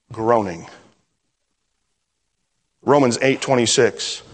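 Middle-aged guy pastor preaching, chatty then quiet, long reverb like a big church hall. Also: a little high. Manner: conversational preaching, swings from lively to hushed. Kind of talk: sermon.

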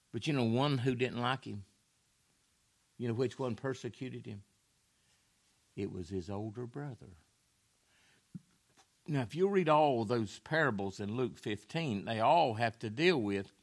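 A man preaching a sermon in a folksy way, repeating phrases and swinging from low murmurs to loud raised lines.

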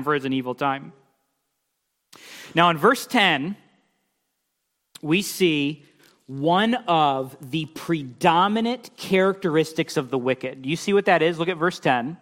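A man preaching a sermon, emphatic, swinging between loud declarations and quiet asides as he reads scripture aloud. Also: a little high, expressive, unhurried, pauses often. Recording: long hall reverb.

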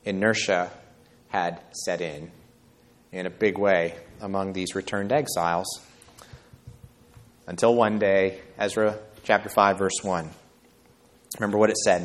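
A man's voice: deep voice, steady tone, a little slow, long pauses. A man preaching a sermon who reads from the Bible and talks conversationally, often checking in with the listeners by asking "right?". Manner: conversational, with frequent tag questions. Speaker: pastor.

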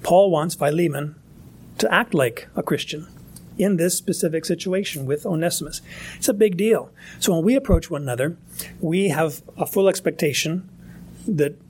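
A man's voice: on the high side, a little mellow, husky. A man preaching a sermon in a conversational, emphatic way, often restarting his phrases. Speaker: pastor.

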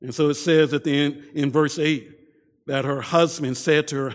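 A man preaching a sermon, often repeating his first words and dropping to a soft voice for emphasis. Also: a little high, fairly even intonation, normal speed, in a large hall. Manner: repeats words at starts, soft dramatic drops.

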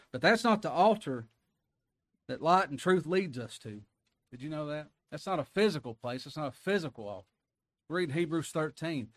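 Casting: male pastor, fairly high voice, folksy emphatic sermon delivery, dry close mic. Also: animated, fairly quick, fairly bright tone, dry recording. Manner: folksy and emphatic, chuckles, rises to a preaching cry.

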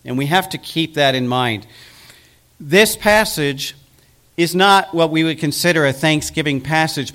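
Guy preaching a sermon in church, kinda high voice, earnest, drags out the big points. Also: fairly bright tone. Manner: earnest, slowing down for emphasis. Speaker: pastor.

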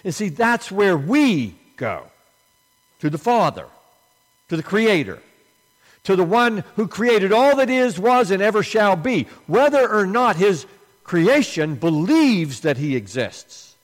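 A man preaching a sermon, rising with emphasis on key lines and dropping low and hushed when he prays. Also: very animated, slow pace, big-room sound. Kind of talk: sermon with prayer.

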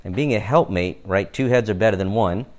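Man, preacher, very low voice, conversational sermon, keeps asking "right?". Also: a little fast. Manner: conversational, often adds "right?" to each point; acts out little quoted exchanges in passing.

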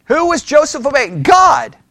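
A pastor preaches in a loose, conversational way, asking the listeners questions and mimicking people mockingly as he tells stories. The voice sits high and leaps all over its range. The sound is close and dry, with no room echo. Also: unhurried. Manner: animated storytelling with rhetorical questions. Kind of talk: conversational sermon.

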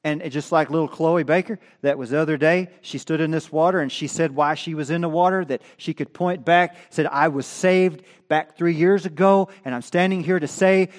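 A man preaching a sermon at a church, moving from quiet teaching to loud emphatic peaks, with chatty asides. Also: fairly high pitch, moderate pace, hardly any pauses. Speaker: pastor. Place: church sanctuary. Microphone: stand microphone.

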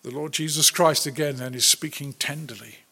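A man preaching a sermon, earnest and deliberate, rising to loud declarations and then dropping to a near hush. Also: fairly high pitch, fairly even intonation, slightly rough. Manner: slow, earnest preaching that swells loud then drops very soft.

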